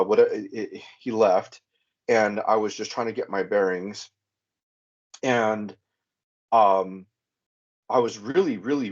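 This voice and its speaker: A middle-aged man giving a hesitant, halting personal testimony as a caller on a podcast. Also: lowish voice. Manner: hesitant, halting, many restarts and fillers. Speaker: returning caller. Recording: muffled lo-fi sound.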